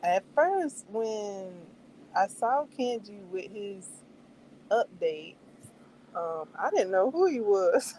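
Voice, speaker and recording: Woman streamer, casual chat; unhurried, laughs a lot, animated, quotes her own reactions. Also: mid-range voice, a little hiss or hum, poor audio. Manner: meandering with many fillers. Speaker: livestream host reviewing a show.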